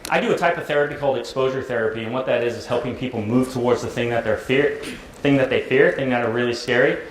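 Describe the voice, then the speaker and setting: A middle-aged American man, a therapist, giving a conversational, jokey talk to high school students and often asking "right?". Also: quick pace, a little hiss or hum. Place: large echoey school hall. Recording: roomy hall with faint ambience.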